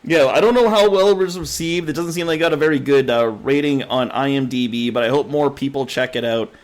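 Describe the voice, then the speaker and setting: A man co-hosting a casual movie review podcast, excitable and laughing often as he acts out his reactions. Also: mid-range voice, a little fast. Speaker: podcast co-host.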